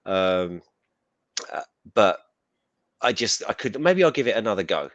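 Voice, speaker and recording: A man's voice: on the low side, big pitch swings, unhurried, fairly bright tone, no echo, highs cut off. A middle-aged man co-hosting a live stream, chatting in a rambling, casual way. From England. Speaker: co-host.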